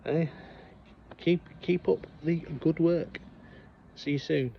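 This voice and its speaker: A man's voice: a little high, steady tone, takes it slowly, gravelly, slight background noise. A man casually telling funny childhood stories outdoors, laughing at his own tales. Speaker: vlog co-host. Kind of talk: casual storytelling vlog. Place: outdoors on a hot sunny day. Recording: slightly dull lo-fi sound with faint background ambience.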